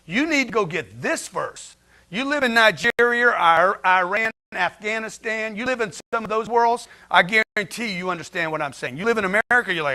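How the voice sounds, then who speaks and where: A man's voice: high voice, lively intonation, brisk, sharp tone. A man giving a blunt, slangy motivational talk to a livestream chat, firing rhetorical questions at his audience. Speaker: motivational speaker.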